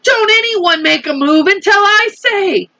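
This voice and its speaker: A woman voicing a panicky male head of the fire department in a storybook, yelling shrilly and frantically. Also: very high-pitched, lively intonation, unhurried, pitched above the performer's own voice, heavily acted. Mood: alarmed.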